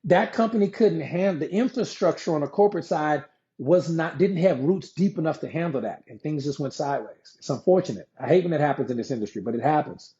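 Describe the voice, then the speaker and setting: A man giving a conversational live-streamed sales pitch, repeating himself and answering viewer comments as he explains a pay plan. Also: lively intonation, fairly quick, mellow. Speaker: network marketing presenter. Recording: dull lo-fi sound.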